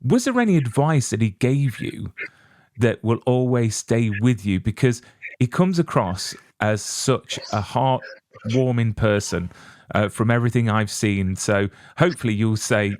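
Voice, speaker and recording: A man's voice: mid-range voice, expressive, a little slow, a little mellow, no echo, clean studio sound. A British man hosting an interview, chatty and joking at his own expense. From Britain. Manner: chatty, self-deprecating. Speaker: interview host. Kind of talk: casual interview.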